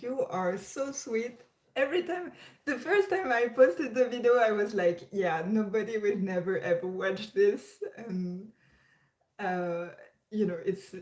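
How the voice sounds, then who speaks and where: Slow-talking woman chatting on a livestream. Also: fairly high pitch, a little mellow. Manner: chatty, hesitant, many restarts and laughs. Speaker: livestream host. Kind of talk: casual livestream chat. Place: her room. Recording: roomy echo.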